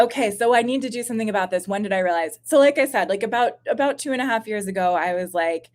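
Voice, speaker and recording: A woman in her thirties chatting on a home live stream, her voice sitting at an ordinary middle pitch. She rambles through viewer questions with fillers and self-mocking asides. A slight stuffiness from postnasal drip colours her talk. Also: a little fast. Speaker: YouTube channel host.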